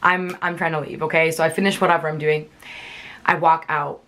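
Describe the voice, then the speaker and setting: A woman's voice: sits low, flat delivery, brisk, a bit bright. Chatty young woman telling a story. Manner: chatty, many fillers like "like". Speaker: vlogger. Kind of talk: storytime vlog.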